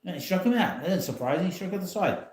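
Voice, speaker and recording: A man's voice: high voice, big pitch swings, quick pace, darkish tone, roomy sound. A man hosting a casual live stream from home, talking in a rambling, blunt way with frequent chuckles. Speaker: channel host. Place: home, in a rocking chair.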